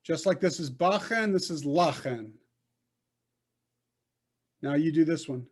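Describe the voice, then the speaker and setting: Over a video call, a man leads a Hebrew reading lesson, patiently coaching and sounding out syllables slowly and deliberately. His voice sits a little high and is somewhat mellow with a breathy edge. It is online class instruction.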